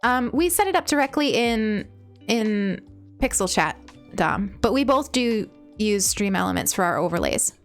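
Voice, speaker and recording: A woman from Eastern Long Island with a Long Island accent, chatting casually on a live stream while gaming, rambling and breaking into excited squeals. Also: mid-range voice, normal speed. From Eastern Long Island, New York. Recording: game music playing faintly behind.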